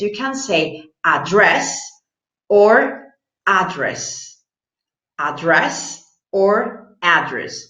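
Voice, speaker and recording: A woman teaching an English grammar lesson, slow and encouraging, who repeats example sentences, with slightly non-native phrasing. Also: medium pitch, fairly bright tone. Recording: echoey room, dull lo-fi sound.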